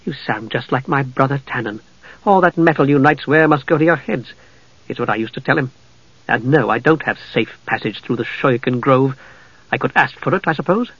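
A narrator plays a young mage who argues with an edge of bitterness, his voice often dropping low and subdued. The storybook reading sounds dull and lo-fi, dry and close. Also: moderate pace, fairly bright tone, breathy edge, dry recording. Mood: bitter, wary. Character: young male mage, proud yet bitter.

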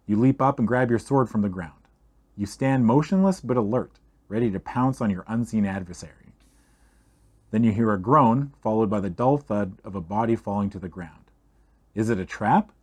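A man's voice: fairly low pitch, normal speed, slightly rough. Man reading a fantasy adventure aloud. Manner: steady storytelling read-aloud, second person. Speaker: game reader.

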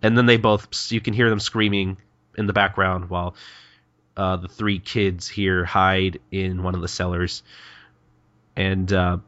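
Lively male podcast co-host, low voice. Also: a little slow, no room sound. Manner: animated retelling with acted-out lines. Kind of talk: casual chat recapping a manga. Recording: dull dry lo-fi mic.

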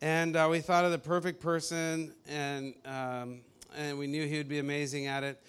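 Lively man telling a faith story. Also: on the high side, moderate pace, smooth. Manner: animated, laughs often, acts out quotes. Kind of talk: casual storytelling testimony.

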